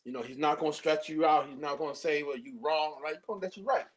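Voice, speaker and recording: High-voiced animated man telling a story. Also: rapid-fire. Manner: animated storyteller, acts out quotes. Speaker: poet, workshop student. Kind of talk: casual chat.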